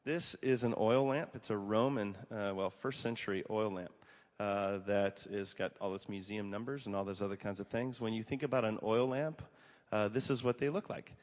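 A man in his forties, a pastor giving a casual, animated sermon with stories and lots of fillers. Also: on the low side, moderate pace. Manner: animated, conversational, many fillers, acts out quotes. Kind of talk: casual sermon talk with storytelling. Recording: long hall reverb.

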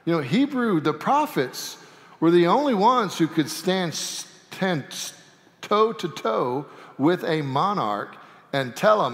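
Folksy pastor in a reverberant sanctuary. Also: male voice, high voice, measured pace. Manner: folksy and animated, with humorous asides. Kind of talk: sermon. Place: church sanctuary.

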